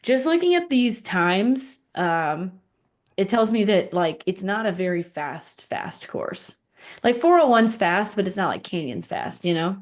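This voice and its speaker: Slow-talking, easygoing woman co-host. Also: medium pitch, expressive. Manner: unhurried, easygoing, reacts with short laughs. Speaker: podcast co-host. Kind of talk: casual chat, reading race results.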